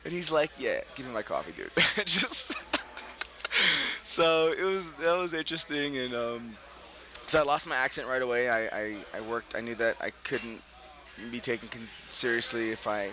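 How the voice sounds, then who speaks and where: An unhurried, middle-aged actor from Brooklyn, New York, trades stories as an interview guest, laughing frequently and staying animated throughout. When he quotes others his voice jumps sharply upward, and slight background noise runs under the conversation.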